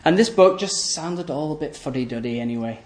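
A male preacher with a slightly high voice delivers an emphatic sermon. He repeats key phrases, poses rhetorical questions, and lets his sentences fall away low and soft. The room around him is echoey. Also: expressive, a little fast. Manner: voice often drops low and soft at the end of phrases.

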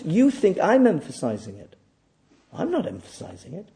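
A man preaching a sermon, emphatic and repetitive, swinging between loud declaiming and quiet asides. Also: high voice, wildly swooping pitch, moderate pace. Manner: emphatic, repeats phrases for stress. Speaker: pastor.

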